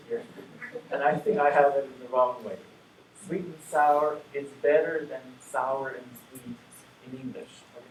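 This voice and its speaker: A man giving an academic conference lecture, explaining in a relaxed, conversational way with dry asides. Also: a little high. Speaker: conference plenary speaker. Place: lecture room. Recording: echoey room from far off, faint hum.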